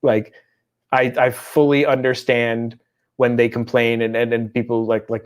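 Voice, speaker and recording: A man in his thirties co-hosting a casual chat show, telling animated family stories and slipping into quick impressions. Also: medium pitch, smooth. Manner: chatty, animated storytelling with voiced impressions. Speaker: podcast co-host.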